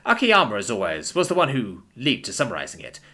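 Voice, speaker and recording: Bright, lively male narrator. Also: medium pitch, fast. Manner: expressive storytelling. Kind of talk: audiobook narration.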